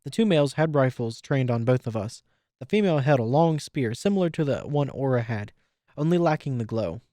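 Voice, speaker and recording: A man reading fan fiction aloud in steady first-person storytelling. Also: medium pitch, fairly quick, no echo, clean studio sound. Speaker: audiobook reader.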